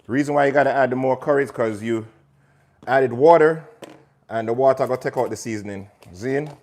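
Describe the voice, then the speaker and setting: Chatty Jamaican chef, joking with viewers. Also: male voice, medium pitch, fairly quick, darkish tone. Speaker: chef hosting a livestream. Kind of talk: casual live cooking chat.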